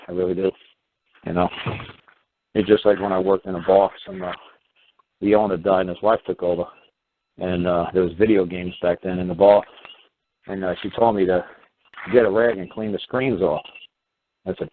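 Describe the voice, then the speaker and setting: A man hosting a call-in show, rambling bluntly through stories with plenty of swearing. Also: low voice. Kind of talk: rambling phone talk, anecdotes. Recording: tinny phone line with faint hiss.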